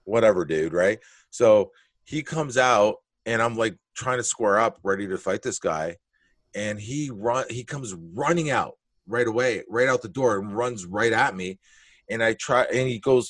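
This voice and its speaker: A man with a lowish voice and measured pace tells a wild story as a comedian guest, talking bluntly and casually, swearing freely and acting out the moments. His delivery is animated and profane, with no room sound on the recording.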